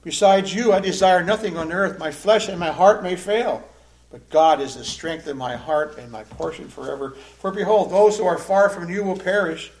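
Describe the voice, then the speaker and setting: Earnest preaching man, fairly high voice. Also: normal speed. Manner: earnest, emphatic preaching with rising intensity on key phrases. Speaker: pastor. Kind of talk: sermon.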